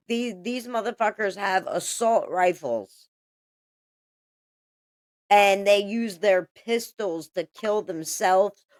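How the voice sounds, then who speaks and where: A woman's voice: lowish voice, a little mellow, no room sound. A woman commentator talking to her viewers in a casual vlog, indignant and rambling, swearing often and restarting her sentences.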